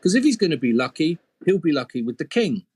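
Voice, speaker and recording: A man's voice: on the high side, sing-song, fast talker, darkish tone, slightly rough. A man doing blunt poor peasant parents. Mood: eager.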